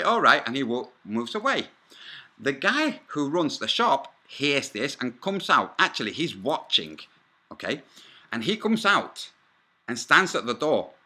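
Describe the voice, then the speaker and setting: A man's voice: on the high side, bright, forceful tone. A man telling an angry first-person story for a vlog, combative and profane, with rambling asides. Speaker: vlogger.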